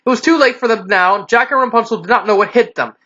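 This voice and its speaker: A casual story reader with a bright, forceful tone who often trips over words and goes back to fix them. The recording is dull and lo-fi. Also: mid-range voice, quick pace. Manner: casual, stumbling, self-correcting. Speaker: fan fiction reader. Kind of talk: story reading.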